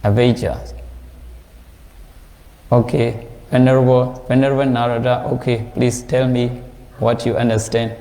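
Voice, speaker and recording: Burmese monk teaching slowly. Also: male voice, mid-range voice, little pitch movement, warm tone, reverberant, long reverb tail. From Myanmar. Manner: slow, repetitive explaining. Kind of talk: Dharma class teaching.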